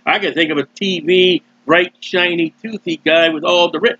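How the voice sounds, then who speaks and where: A man preaching a sermon loudly and emphatically, with mocking asides and sudden swings in his voice. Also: fairly high pitch, fairly even intonation, moderate pace, breathy edge, no room sound, dull audio. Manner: mocking asides and short laughs. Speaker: street preacher.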